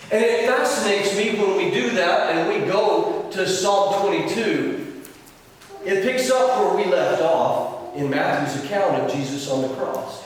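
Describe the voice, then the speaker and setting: Earnest preacher in an echoey church hall. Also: male voice, on the high side. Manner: dramatic emphasis and pauses, earnest. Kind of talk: sermon. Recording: echoey hall, distant mic, noisy.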